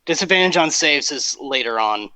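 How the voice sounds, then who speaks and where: A man's voice: fairly high pitch, lively intonation, moderate pace, bright, forceful tone, dry recording, low-quality recording. A man playing a tabletop game, asking precise questions about the rules. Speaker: player. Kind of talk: casual chat during a tabletop game.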